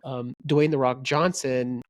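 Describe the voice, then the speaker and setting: A man co-hosting a podcast in relaxed chat, with many "you know"s and "right"s. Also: medium pitch, a little slow, dry recording. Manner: chatty, full of fillers like "you know" and "right". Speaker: podcast co-host. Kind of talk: casual chat.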